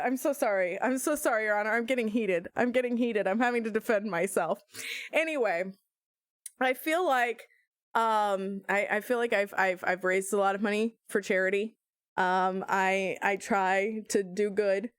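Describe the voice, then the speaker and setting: A woman streamer playing through a game, talking casually, animated and self-mocking, often laughing. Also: on the high side, dry recording, studio quality.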